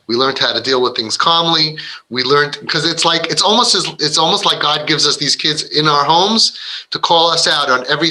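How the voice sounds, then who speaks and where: This parenting speaker has a fairly high-pitched, sharp-toned voice, heard through poor audio. Earnest and rambling, he inspires parents while frequently restarting his sentences and performing what children and parents say.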